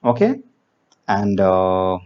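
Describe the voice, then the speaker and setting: A man teaching grammar, reading example sentences slowly and explaining with fillers. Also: low voice, sing-song, a little mellow. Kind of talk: classroom grammar lesson. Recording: dull lo-fi recording.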